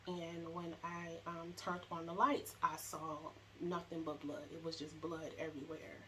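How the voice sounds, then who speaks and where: A young woman telling her own story, halting and emotional, with many fillers and restarts. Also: low-pitched, little pitch movement, bright, forceful tone, a little hiss or hum, low-quality recording. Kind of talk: personal storytelling to camera.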